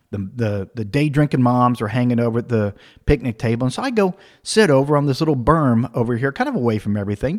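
Guy telling a funny story about his own life, acts out voices, bouncy up and down delivery. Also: mid-range voice. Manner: animated, acts out voices and laughs while telling. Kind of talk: comic personal anecdote.

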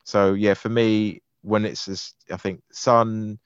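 A man's voice: lowish voice, steady tone, slow pace, clean tone, no room sound, lo-fi sound. A man from London in casual chat, laughing easily and talking with many fillers. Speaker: guest.

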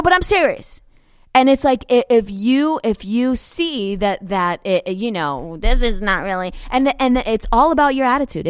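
A woman co-hosts a ministry show in a casual, lively way, urging listeners to stay faithful. She drives her points home by repeating them. Her voice sits at a middle pitch and is recorded dry and close, with no room echo. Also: clean tone. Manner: animated, exhorting, repeats phrases for emphasis. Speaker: ministry co-host. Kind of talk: casual motivational faith talk.

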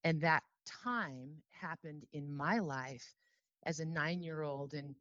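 A woman telling her personal story as an interview guest, earnest and heartfelt, emotional and near tears, slowing down on solemn phrases. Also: low voice, a bit bright, no echo, lo-fi sound.

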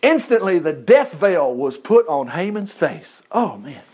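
A man teaching a Bible lesson in an animated way, chuckling and making chatty asides. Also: a little high, a little slow, husky.

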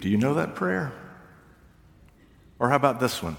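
An older man preaching a sermon, reflective and unhurried, with touches of gentle humor. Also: medium pitch, sing-song, creaky. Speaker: pastor. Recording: long reverb of a large hall.

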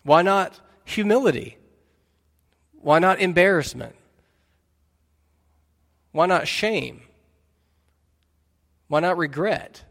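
A man's voice: high voice, lively intonation, slow, creaky, pauses often, fairly bright tone. A man preaching a sermon as pastor, earnestly putting questions to his listeners. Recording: long reverb of a large hall.

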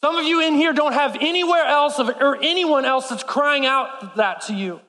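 High-voiced preacher in an echoing hall. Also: male voice, moderate pace, sharp tone. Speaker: pastor. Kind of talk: sermon. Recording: long hall reverb.

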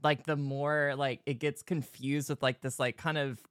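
A woman's voice: very deep voice, steady tone, no echo, clean studio sound. A woman hosting a podcast in casual chat, encouraging her guest and asking questions. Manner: encouraging, quick reactions and laughs. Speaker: podcast host.

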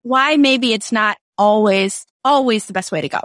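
Woman, podcast chat guest, expressive storyteller; high-ish voice, dry close-miked read. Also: moderate pace, no room sound. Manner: animated storyteller, acts out quoted voices. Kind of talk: casual conversation.

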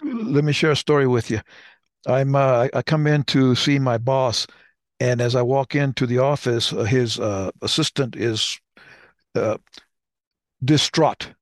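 A man's voice: medium pitch, unhurried, no room sound, clean studio sound. An older man co-hosting a podcast, casually telling stories and acting out the dialogue. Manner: anecdotal, acts out dialogue. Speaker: podcast co-host. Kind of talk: casual conversation, storytelling.

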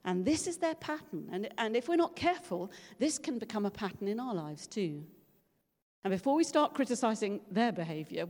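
A woman's voice: medium pitch, a little mellow. Woman preaching in a reverberant church. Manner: storytelling, conversational with quoted voices. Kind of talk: sermon. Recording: long reverb from a large room.

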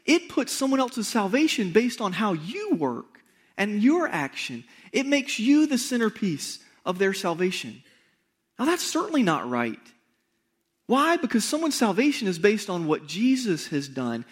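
A man with a notably high voice preaching to his congregation. He talks to them directly and conversationally, repeats key points for emphasis and throws in rhetorical questions. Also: slightly rough. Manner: emphatic repetition. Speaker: pastor. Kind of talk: sermon.

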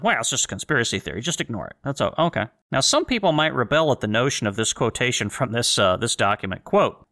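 Bright-voiced man reading and commenting. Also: medium pitch. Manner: sarcastic, rhetorical questions. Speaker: podcast host. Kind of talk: solo commentary with read quotations.

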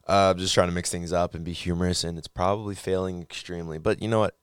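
A man's voice: sits low, level tone, fast talker, clear, resonant tone, no room sound, clean studio sound. A young man hosting his own podcast, talking casually about faith with joking asides and frequent restarts. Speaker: podcast host. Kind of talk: casual faith talk monologue.

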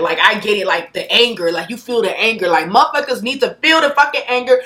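Bright-voiced blunt young woman ranting. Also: lively intonation, fast talker, hardly any pauses. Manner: blunt, profane, swings from loud outbursts to low mutters. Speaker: podcast host. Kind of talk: unscripted solo podcast rant.

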